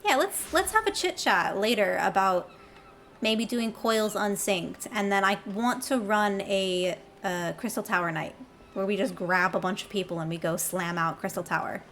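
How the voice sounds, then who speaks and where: A woman's voice: mid-range voice, moderate pace, a bit bright, a little hiss or hum. Wry, chatty woman streamer. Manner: wry, chatty, self-mocking. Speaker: game streamer. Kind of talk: casual live-stream commentary. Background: game music.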